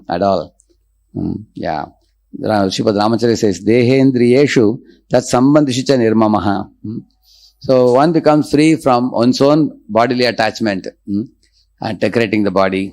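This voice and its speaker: A man's voice: on the low side, a little mellow. A man giving a scripture lecture, often tagging sentences with "huh?" and "hmm" and reciting Sanskrit verses. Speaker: spiritual teacher.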